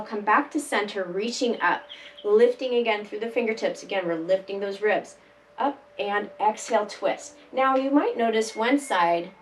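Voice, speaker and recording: A woman leading a chair yoga class, giving calm, gentle step-by-step cues for breathing and stretching. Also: medium pitch. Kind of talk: guided exercise instruction. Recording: voice from a distance, faint background music.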